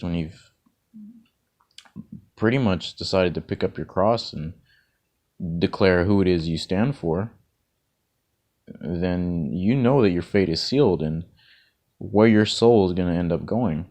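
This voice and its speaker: Low-voiced man in rambling monologue. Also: measured pace, long pauses, a little mellow. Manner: rambling, repeats words, chuckles often. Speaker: vlogger. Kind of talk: casual spoken monologue of encouragement.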